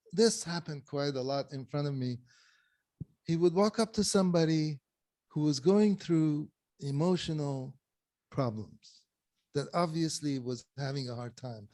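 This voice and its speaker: A man's voice: on the high side, unhurried, dark tone, no room sound. Laughing man telling stories on a video call. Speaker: satsang speaker. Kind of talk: casual storytelling.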